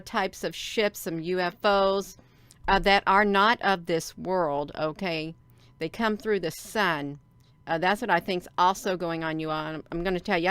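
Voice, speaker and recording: A woman, hosting a livestream and talking excitedly to her viewers, repeating herself and calling them "you all.". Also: fairly low pitch, clear, resonant tone, no room sound. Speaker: livestream host. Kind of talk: casual livestream talk to viewers.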